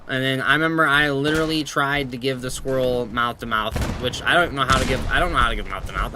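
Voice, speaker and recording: A man's voice: medium pitch, noisy background. A man streaming a game, chatting casually, telling rambling stories full of swearing and reading his chat aloud.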